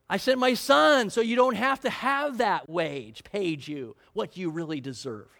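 A man voicing God as a patient, gently chiding father within a sermon, questioning and reassuring. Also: high-pitched, takes it slowly, vocal fry, full character voice.

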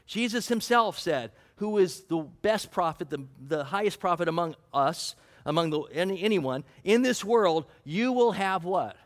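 Pastor, man, high pitch, earnest sermon delivery full of scripture quotes. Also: animated, normal speed, hardly any pauses. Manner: earnest preaching, quoting scripture, asking the congregation questions.

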